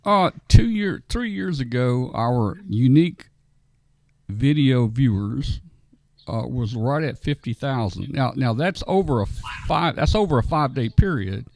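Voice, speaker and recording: A man's voice: medium pitch, animated, measured pace, creaky, darkish tone, no echo. A man hosting a casual radio hobby webcast, rambling and repeating words as he thinks. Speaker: host. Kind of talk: casual chat.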